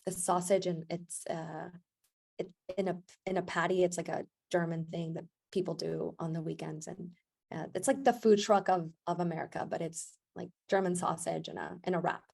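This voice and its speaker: A woman yoga instructor telling a personal story as a podcast guest, chatty and animated, often acting out what others said. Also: on the low side, moderate pace, creaky. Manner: animated storyteller, acts out quoted voices, laughs often. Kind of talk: casual storytelling interview. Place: podcast recording.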